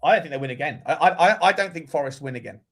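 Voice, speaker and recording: Male football fan show host, higher voice, animated and sweary. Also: very fast. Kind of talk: casual chat.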